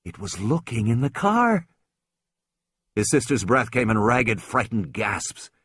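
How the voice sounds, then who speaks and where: A man's voice: mid-range voice, sing-song, measured pace, fairly bright tone, slightly rough, no echo, clean studio sound. A man narrating a suspenseful story as an audiobook reader, with tense, dramatic delivery.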